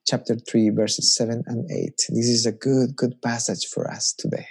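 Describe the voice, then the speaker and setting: A man's voice: mid-range voice, fairly even intonation, a little slow, gravelly, husky. A man preaching a conversational sermon as a pastor, reflective and personal, musing aloud.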